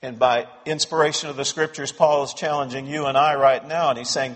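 A man's voice: medium pitch, steady tone, fairly quick, hardly any pauses, in a large hall. A man preaching an expository sermon to his congregation, pressing points with emphatic repetition. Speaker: pastor. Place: church sanctuary.

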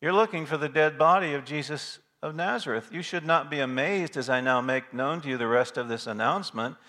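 A man's voice: on the high side, a little fast, bright, forceful tone, big-room sound. A preacher voicing a young male angel. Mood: reassuring.

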